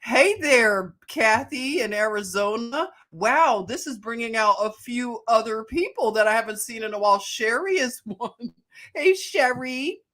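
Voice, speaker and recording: Slow-talking Philadelphia woman hosting a livestream. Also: fairly high pitch, animated, a bit bright. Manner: greets viewers by name, laughs often. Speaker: livestream host. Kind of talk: casual livestream chat.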